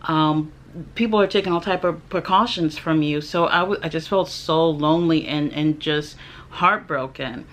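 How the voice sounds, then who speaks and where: A woman's voice: sits low, normal speed. A young woman vlogger telling a personal story in a candid, indignant way, swearing freely and talking with many fillers. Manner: chatty, with many fillers and restarts.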